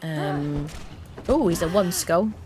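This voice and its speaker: Against a noisy background, a woman with a voice on the low side takes it slowly as she streams a game. She chats casually to her viewers and hums little tunes to herself while playing.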